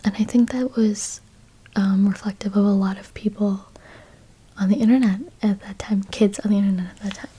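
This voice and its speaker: A woman's voice: mid-range voice, flat delivery, moderate pace, warm tone, slightly rough. A woman in her twenties whispering a rambling chat ASMR video, full of fillers and "like"s, in a whispered role-play style. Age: 20s. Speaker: ASMR YouTuber.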